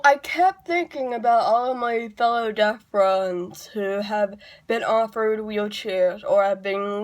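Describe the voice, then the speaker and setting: A woman talking to camera in a casual vlog monologue, chatty and wry, rambling off into asides. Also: medium pitch. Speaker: YouTuber.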